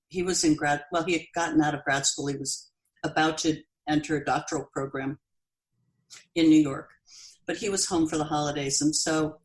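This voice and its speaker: A woman in her sixties, a podcast guest telling a personal story in an earnest, halting way with pauses and restarts. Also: low-pitched, poor audio. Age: 60s. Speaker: podcast guest, bereaved mother.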